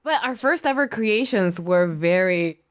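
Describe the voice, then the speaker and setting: A woman's voice: medium pitch, animated, a little slow. A young woman from Mexico, a native Spanish speaker with a Mexican accent, talking easily and laughing in an interview. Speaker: musician, band member. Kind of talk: interview answers.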